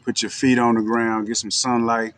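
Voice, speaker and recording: Man, Texan accent, casual livestream talk, direct and easygoing, mid-pitched voice. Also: level tone, moderate pace, a bit bright. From Texas. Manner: loose, street-casual and direct, with frequent "you know what I'm saying". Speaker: livestream host.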